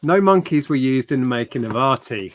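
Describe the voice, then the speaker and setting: A man's voice: medium pitch, expressive, a little hiss or hum, natural voice. A man doing a put-on Yorkshire accent, playing a blunt Yorkshire man reading out a letter. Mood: mock-stern. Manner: slow mock-old-fashioned dialect reading.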